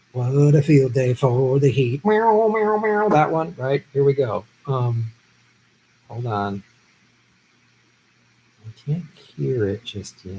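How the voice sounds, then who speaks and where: Male stream host, mellow tone, laid-back chatty delivery, voice a bit worn. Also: medium pitch, slight background noise, rough recording. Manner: chatty, easygoing, quick to laugh. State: voice tiring after a long stream. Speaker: live stream host answering viewer questions. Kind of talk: casual live stream chat. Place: at home.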